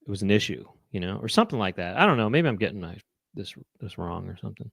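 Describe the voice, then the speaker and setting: A middle-aged co-host rambles through a casual comedic chat, breaking into loud, high-pitched impressions. His sing-song voice is quick, creaky, and a little breathy, captured in studio quality with no echo.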